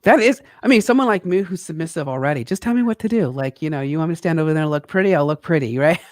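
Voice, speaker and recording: A woman hosting an interview in a bubbly, excitable way, laughing often and reacting with loud exclamations. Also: deep voice, very fast, dry recording, studio quality. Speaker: host. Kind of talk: casual interview chat.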